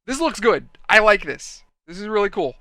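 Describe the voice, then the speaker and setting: A man telling a rambling story in a chatty, animated way while building a model kit. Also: high-pitched, moderate pace, no room sound. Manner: chatty, animated, acts out quoted people.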